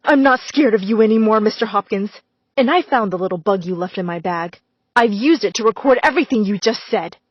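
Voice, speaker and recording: A woman voicing a defiant middle-aged female teacher who speaks firmly and loudly. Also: mid-range voice, brisk, dry recording, close to an everyday voice. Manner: firm, forceful, raised voice. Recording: slightly dull, dry recording.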